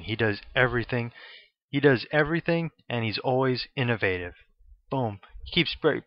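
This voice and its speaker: A man of ordinary pitch rants his way through a casual review, sarcastic and liberally profane, wandering off on tangents. The recording is dry and close, with a dull, lo-fi edge. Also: no room sound. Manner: profane, sarcastic, rambling with quick asides. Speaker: wrestling show reviewer.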